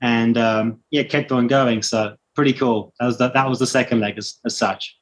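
A man's voice: medium pitch, moderate pace. A man with a British accent, casually telling a long story as a guest and acting out the voices of people he met. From Britain. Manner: animated anecdote telling, acting out quoted voices. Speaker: guest runner.

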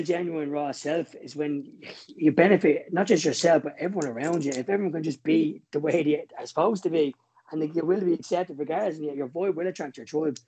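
A man talks quickly and earnestly as a guest poet, his phrases tumbling over each other. His voice is a little higher than average, husky and mellow. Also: poor audio. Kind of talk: casual podcast conversation.

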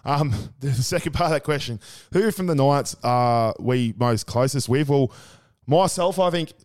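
An Australian man co-hosting a sports podcast, casual chat full of crude, excitable banter. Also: medium pitch, a little slow. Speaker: podcast co-host.

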